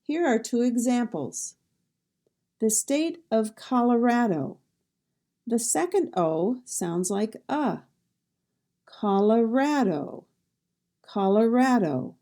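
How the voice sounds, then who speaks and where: A woman teaching pronunciation, drilling sounds and words slowly and repeating each one. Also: on the high side, expressive, warm tone.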